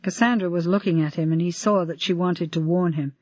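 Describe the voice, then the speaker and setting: Measured audiobook narrator, dull recording. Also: mid-range voice, steady tone. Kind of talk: scripted narration.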